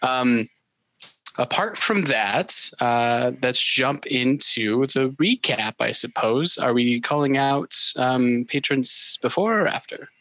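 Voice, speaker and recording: Male game master, mid-pitched, halting and self-deprecating, dry close mic. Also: animated, fairly bright tone, dry recording, low-quality recording. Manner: hesitant, filler-heavy, self-mocking. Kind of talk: casual chat at a tabletop game.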